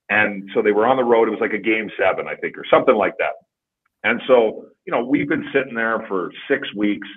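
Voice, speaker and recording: A man tells rambling, profane career stories in a casual podcast chat. His voice sits low and sounds husky. It comes through a tinny, phone-like line. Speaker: podcast guest, former hockey player. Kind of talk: casual storytelling.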